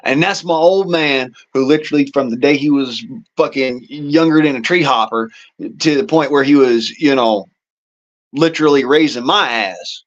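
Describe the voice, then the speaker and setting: A man's voice: medium pitch, muffled recording. A man hosting a casual political monologue, talking in a rambling, profane way with folksy turns of phrase. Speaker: show host.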